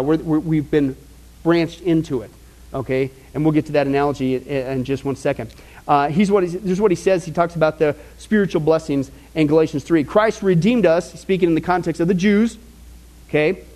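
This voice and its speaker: A man preaching a Bible-teaching sermon as a pastor. He asks the congregation questions and keeps checking in with them. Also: low-quality recording. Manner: asks the audience rhetorical questions and checks in with "okay?"; animated, with sudden jumps in pitch for emphasis.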